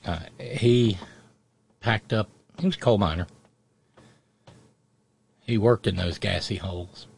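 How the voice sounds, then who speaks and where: A man's voice: lowish voice, slow, creaky, long pauses, a little mellow, husky. A middle-aged man hosting a radio show, telling a family story in a rambling, digressive way. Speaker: radio host. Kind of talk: casual radio monologue.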